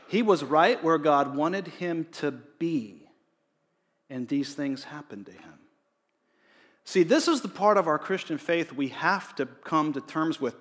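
A man preaching a sermon in a conversational way, rising to emphatic readings of scripture. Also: on the high side. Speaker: pastor. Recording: long reverb of a large hall.

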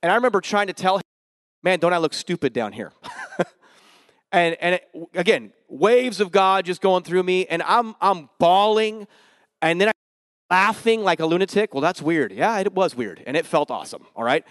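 A man preaching a sermon, telling his conversion story with animated emotion, casual slang and sudden swings from loud to hushed. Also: high voice, moderate pace, no room sound. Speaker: pastor. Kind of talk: sermon with personal testimony.

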